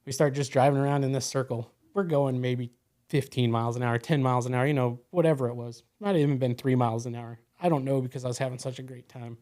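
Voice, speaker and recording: A man's voice: mid-range voice, steady tone, fast, warm tone. A man as a podcast guest, telling a personal story in a loose, casual way, full of "you know" and "like".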